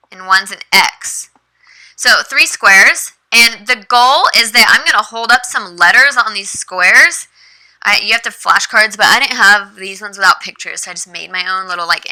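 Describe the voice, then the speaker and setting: Bright, slow-talking young woman teacher. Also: poor audio. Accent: American. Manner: slow, exaggerated teacher voice for the child parts, high and bright. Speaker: online ESL teacher. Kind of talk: demonstrating a kids' lesson.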